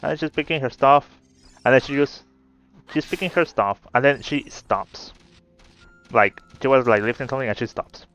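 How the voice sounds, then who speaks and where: A man's voice: medium pitch, normal speed, fairly bright tone. A man telling a story in a casual, rambling way while playing a game, swearing now and then. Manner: rambling, swearing, laid-back. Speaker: gameplay video creator. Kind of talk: casual gameplay commentary with storytelling. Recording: slightly dull audio with faint game music. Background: faint game music.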